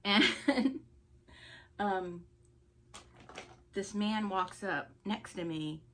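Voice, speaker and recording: Woman vlogger, mid-pitch, casual indignant storyteller. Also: extremely slow, slight background noise. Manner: chatty, indignant storytelling with laughs. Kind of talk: get-ready-with-me story time.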